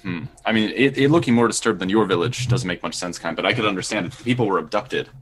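A man with a very low voice plays a tabletop game. He reasons aloud in a deliberate, measured way, weighing each step. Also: a little hiss or hum. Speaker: player.

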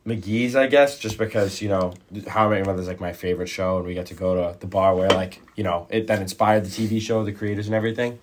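A man's voice: lowish voice, flat delivery, fast, hardly any pauses, a little hiss or hum. A young man guest in a casual radio chat, hesitant and full of fillers.

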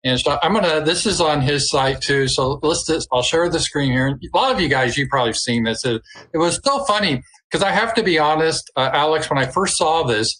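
A man's voice: on the high side, animated, brisk, fairly bright tone, low-quality recording. A man hosting a casual livestream conversation, rambling and often restarting his sentences. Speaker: host.

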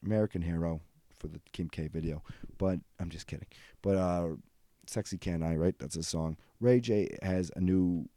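A man's voice: low voice, moderate pace, warm tone, no echo, studio quality. A young adult man hosting a casual solo podcast, rambling loosely and swearing freely. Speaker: podcast host.

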